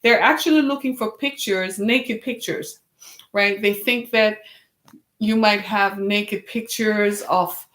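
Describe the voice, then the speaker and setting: A woman's voice: mid-range voice, takes it slowly, fairly bright tone, reverberant. A woman hosting her web series, talking casually to camera, tired and a little wheezy from lack of sleep, with a chatty, exasperated, rambling manner.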